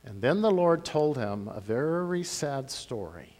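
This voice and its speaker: A man pastor telling a Bible story to children in a church, animated, with big swings in loudness. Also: medium pitch, unhurried. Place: church sanctuary. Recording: long church-hall reverb.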